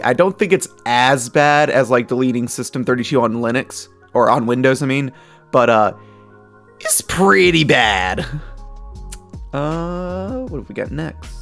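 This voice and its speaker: A young man giving casual, chatty commentary as he reacts to memes, with frequent laughs and animated asides. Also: mid-range voice.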